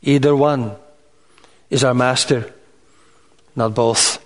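A man preaching a sermon in an earnest, measured way, rising in pitch on emphatic lists. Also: steady tone. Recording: reverberant hall sound.

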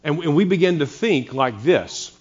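A man's voice: a little high, animated, moderate pace, a little mellow, lo-fi sound. A man preaching a sermon, earnest, with wry sarcastic asides to his congregation. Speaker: pastor.

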